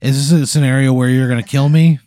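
A man's voice: medium pitch, steady tone, fast, mellow, no echo. A man co-hosting a podcast, reacting in casual comedic banter with exasperated, profane remarks. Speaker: podcast co-host.

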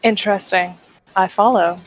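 A woman's voice: mid-range voice, fairly even intonation, moderate pace, no room sound, close to an everyday voice, rough recording. A woman playing a prim, ruthless lady. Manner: overly polite, prim.

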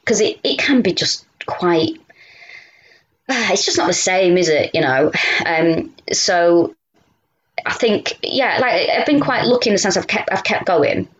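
A woman with a Mancunian accent tells her stories in a rambling, chatty way, full of fillers and false starts. Her voice sits on the low side. The audio is dull and lo-fi, like a remote call. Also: expressive, a little slow. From Manchester, England. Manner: chatty storyteller, many fillers and restarts. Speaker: comedian guest. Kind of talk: casual interview chat.

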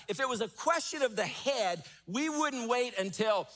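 A man's voice: very high voice, expressive, moderate pace, a bit bright. A man preaching a sermon as pastor, emphatic, rising and falling, repeating key phrases.

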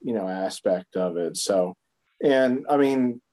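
A man with a lowish voice talks on a podcast in a halting way. He stammers and repeats himself, with plenty of uhs and you-knows. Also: expressive, warm tone, low-quality recording. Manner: stammering, halting with many fillers. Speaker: podcast co-host. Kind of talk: casual chat.

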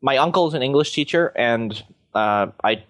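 A man's voice: mid-range voice, expressive, moderate pace, a bit bright, no echo. Young canadian guy rambling on a podcast, tons of likes and you knows, dry sound. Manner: rambling, filler-heavy, lots of "like" and "you know". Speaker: podcast host. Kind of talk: casual chat.

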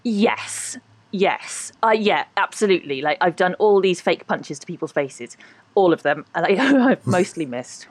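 Posh lady chatting on a podcast, laughs a lot, kinda low voice, dry close mic. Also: a little slow, dry recording. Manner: animated, laughs often, hedging. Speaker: podcast guest. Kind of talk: casual interview chat.

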